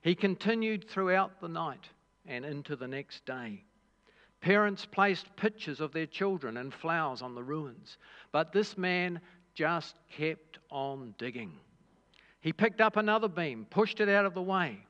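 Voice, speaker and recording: A male pastor preaching slowly and deliberately, his slightly high voice leaving pauses between phrases. The sound is a little dull, with a long hall reverb behind him. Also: expressive, fairly bright tone. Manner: measured storytelling delivery with dramatic pauses. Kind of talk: sermon.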